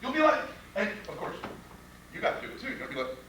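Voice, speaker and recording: A man's voice: high voice, big pitch swings, rapid-fire, noisy background. A man teaching trial lawyers in a live workshop, blunt and profane, firing off rhetorical questions. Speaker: criminal defense trial instructor. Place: training room with audience. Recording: echoey room from a distance.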